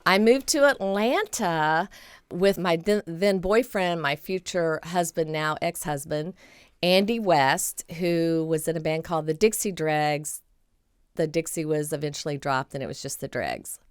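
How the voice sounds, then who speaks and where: Podcast guest, woman in her sixties, low-ish voice, dry close recording, animated storyteller who acts out voices. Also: a little slow, clean tone, no room sound. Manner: animated, acts out quoted voices and laughs often. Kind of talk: casual storytelling.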